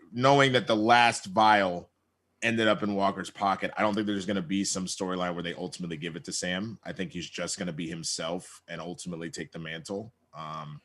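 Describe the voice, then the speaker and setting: A man on a podcast, recapping an episode in an animated way and acting out characters' lines. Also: lowish voice. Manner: acts out quoted lines in lively voices. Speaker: podcast co-host.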